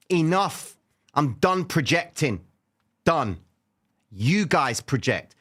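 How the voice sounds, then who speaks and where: A man hosts a live trading stream from his desk mic. His voice is mid-pitched and his delivery is animated but relaxed, talking straight to the viewers and reading off price levels as he goes. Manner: casual, animated, talks straight to viewers with frequent "okay?". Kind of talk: live market commentary chatting with viewers.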